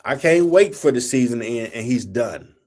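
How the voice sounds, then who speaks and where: A middle-aged man hosting a sports talk show, blunt and fired up. He scolds teams and players in loose, slangy everyday talk, with a steady mid-range voice. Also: medium pitch, moderate pace. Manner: blunt, heated, colloquial, scolding. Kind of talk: opinionated sports rant.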